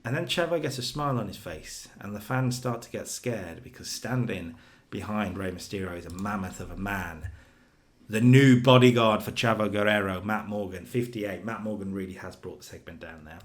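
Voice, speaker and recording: A man co-hosting a casual chat, recapping wrestling storylines with animated storytelling. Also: on the low side. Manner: animated storytelling, does quick character voices in quotes. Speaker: co-host recapping a wrestling sim save.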